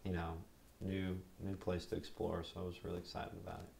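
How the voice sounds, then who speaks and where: A young man, a Marine veteran, telling his service stories in an oral history interview in a relaxed, rambling way. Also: low voice, a little fast, gravelly, slight background noise.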